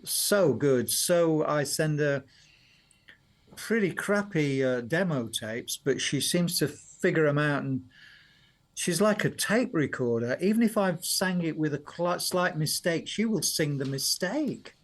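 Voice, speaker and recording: This songwriter, a man in his 70s from Sheffield in Yorkshire, speaks in an expressive, unhurried voice that sits on the high side. Chatty and prone to laughing often, he rambles through stories as a radio interview guest.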